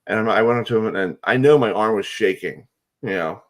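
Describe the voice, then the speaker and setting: A male sports radio host with a somewhat low voice who tells stories in a loose, rambling way. He gets excited and packs his talk with fillers. The feel is casual call-in radio chat. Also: fairly quick.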